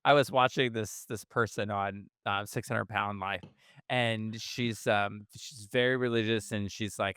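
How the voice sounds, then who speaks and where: A man's voice: lowish voice, steady tone, a little slow, a bit bright, clear, resonant tone, no echo. Wry man in his fifties. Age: 50s. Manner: wry, dry jokes, retells TV scenes. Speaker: podcast co-host. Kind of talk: casual chat.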